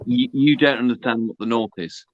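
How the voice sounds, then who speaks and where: A man from the North of England, a podcast guest, speaking in a measured, defensive way in casual chat. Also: mid-range voice, steady tone, phone-quality sound.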